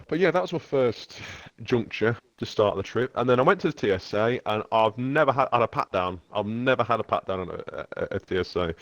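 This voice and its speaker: A man with an English accent, a podcast host telling a travel story in casual, animated chat and swearing freely. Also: mid-range voice, dry recording, lo-fi sound. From England. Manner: animated, swearing, loud shifts when quoting others.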